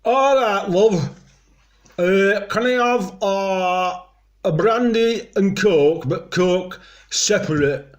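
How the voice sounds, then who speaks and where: A man putting on a broad Yorkshire accent to play a brash pub regular, talking loud with a loose jaw. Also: high voice, slow pace, voice pushed up. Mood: chummy. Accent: put-on Yorkshire.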